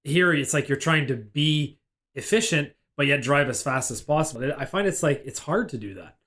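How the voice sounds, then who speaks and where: A man's voice: fairly high pitch, expressive, normal speed, a bit bright. A man co-hosting a podcast in casual chat, easygoing and teasing. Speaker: podcast co-host.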